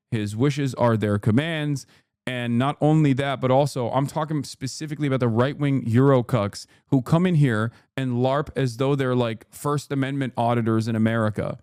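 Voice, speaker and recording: A man's voice: mid-range voice, clear, resonant tone, no room sound, studio quality. A man in his thirties streaming, reacting to a news clip with an angry, profane political rant. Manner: angry, profane, rising to shouting.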